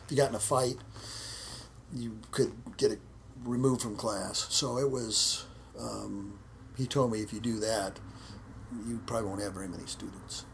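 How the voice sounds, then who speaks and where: Gravelly American man, interview guest, loose anecdotal delivery, faint noise floor. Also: fairly low pitch, fairly even intonation, moderate pace. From United States. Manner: rambling, repeats words, acts out quotes. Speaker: interview guest, martial arts instructor. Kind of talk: casual storytelling interview.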